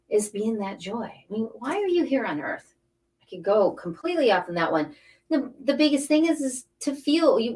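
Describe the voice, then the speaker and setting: A woman's voice: mid-range voice, darkish tone. A middle-aged woman, a spiritual coach, talking casually and emphatically, wandering between thoughts and repeating phrases for emphasis. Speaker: spiritual coach and angel card reader. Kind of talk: casual inspirational talk. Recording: voice a bit distant from the mic.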